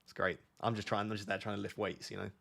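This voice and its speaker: Laid-back young man, gravelly low voice. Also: level tone, quick pace, fairly bright tone. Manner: laid-back, joking, rambling with many fillers. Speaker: livestream host. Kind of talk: casual livestream chat, reading chat questions. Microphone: on a mic near the camera.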